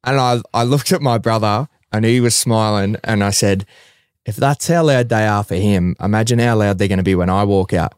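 A young man with a fairly low, smooth voice recounts a story in casual interview chat. He drops swear words freely and acts out what others said. The sound is close and dry. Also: normal speed, dry recording. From Australia. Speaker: guest, professional fighter.

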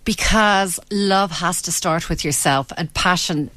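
An Irish woman guest on a radio show with a fairly low voice. She explains her views in an earnest, steady way. The sound is dry and close. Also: a little slow, no echo. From Ireland. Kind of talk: radio interview.

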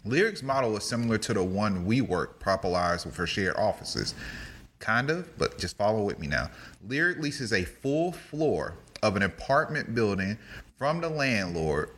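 A man co-hosting a casual news talk show, animated and joking, with plenty of slang. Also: lowish voice, normal speed. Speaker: podcast co-host.

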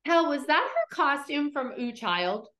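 A middle-aged woman hosts a podcast, casually recapping episode scenes, acting out the quotes, and swearing freely as an animated storyteller. Her voice sits high and she speaks unhurriedly.

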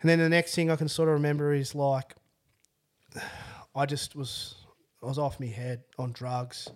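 Young Australian man, podcast guest, slightly high voice, rambling, profane storytelling. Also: level tone, measured pace. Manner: swears freely, rambling with restarts. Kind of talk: casual storytelling chat.

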